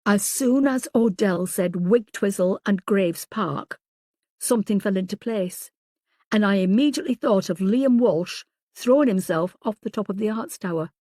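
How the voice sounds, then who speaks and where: A woman's voice: medium pitch, dark tone, no echo, studio quality, close to an everyday voice. Woman reading as an urgent male detective. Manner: tense, hurried.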